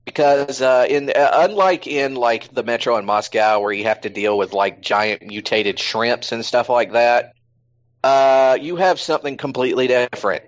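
A man's voice: medium pitch, normal speed, dull audio. A man hosting a podcast in casual chat, rambling with plenty of fillers. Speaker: podcast host.

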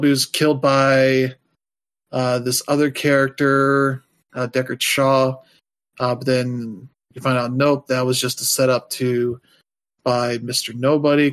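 A man chatting casually as a podcast co-host, rambling loosely with lots of fillers and dropping wry, offhand asides. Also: mid-range voice. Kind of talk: casual chat.

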